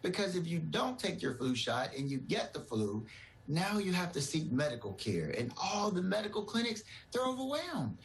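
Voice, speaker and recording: A man's voice: on the high side, very animated, normal speed, poor audio. A man, a doctor, giving earnest, reassuring explanations in a TV news interview.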